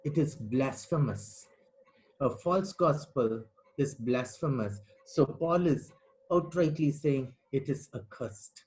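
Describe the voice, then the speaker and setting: A man preaching a sermon, emphatic and slowing down to stress key phrases. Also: medium pitch, expressive, a little mellow, poor audio.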